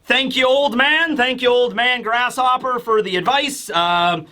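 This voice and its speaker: A nervous young crewmate thanks someone with exaggerated politeness, played by a man. The voice is raised above the speaker's own and drawn out slowly. He sounds sheepish and careful. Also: very high-pitched, pushed and bright, pitched above the performer's own voice, exaggerated voice. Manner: overly polite.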